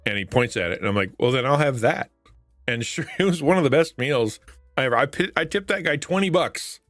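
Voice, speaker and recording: A man's voice: mid-range voice, expressive, a little fast, fairly bright tone, dry recording, clean studio sound, soft background music. Chuckling man chatting on a stream. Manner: laughs often, retells stories with acted quotes. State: stuffy nose. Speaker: livestream host. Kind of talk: casual chat with live chat viewers.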